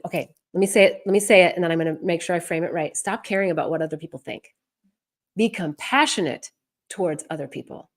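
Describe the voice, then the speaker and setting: Emphatic, low-voiced woman giving advice. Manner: candid, encouraging, emphatic. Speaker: intuitive advisor hosting a live session. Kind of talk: live advice session.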